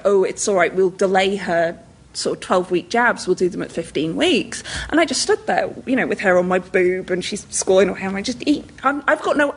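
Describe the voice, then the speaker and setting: A woman with a northern English accent speaks on a discussion panel in a slightly husky voice. She tells anecdotes in a lively, laughing way. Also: medium pitch, poor audio. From northern England.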